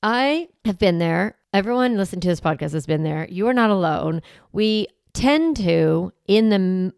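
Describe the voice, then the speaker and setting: In a clean studio recording with no echo, a woman podcast host coaches parents in a conversational, encouraging teaching monologue. Her voice is fairly low and darkish, with vocal fry.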